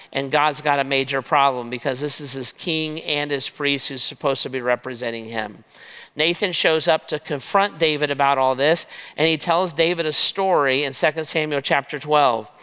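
A man preaching a sermon, retelling a scripture story in a lively way and talking straight to his listeners as "guys". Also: a little high, clean tone. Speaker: pastor. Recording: long reverb of a large hall.

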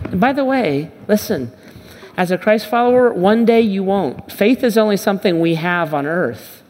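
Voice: medium pitch, animated, moderate pace, a little mellow. A pastor giving a conversational sermon, restarting and repeating phrases and acting out the Bible dialogue. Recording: long reverb of a large hall.

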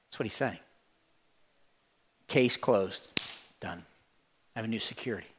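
A man's voice: on the low side, a little slow, noisy background. A male pastor preaching a sermon to his congregation, telling stories, repeating words and talking straight to the listeners. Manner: animated storytelling, acts out voices in quotes.

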